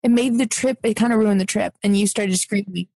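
A woman's voice: mid-range voice, fairly quick, vocal fry, mellow, dry recording, low-quality recording. A woman co-hosting an improvised comedy podcast, gushing and pleading in a fawning way. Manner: gushing, pleading, rising to squeals. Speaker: podcast co-host.

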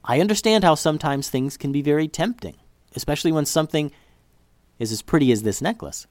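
A man voicing a calm mother who is disappointed but fair, speaking in a measured, gently firm way. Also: medium pitch, no echo, clean studio sound, lightly acted.

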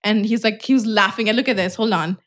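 A young woman hosting a podcast, telling stories in a dramatic, animated way and swearing often. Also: mid-range voice, quick pace. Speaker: podcast host. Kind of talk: casual chat.

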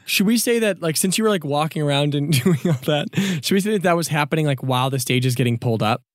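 Man game master, casual narration, slightly high voice, dry close mic. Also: lively intonation, no echo. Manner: casual and upbeat, with quick bursts.

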